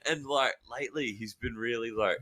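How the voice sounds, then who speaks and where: A man's voice: medium pitch, moderate pace, bright, forceful tone. A young man with an Australian accent, a podcast guest telling rambling crude stories and laughing. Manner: rambling storyteller, swears, laughs. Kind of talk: crude casual banter.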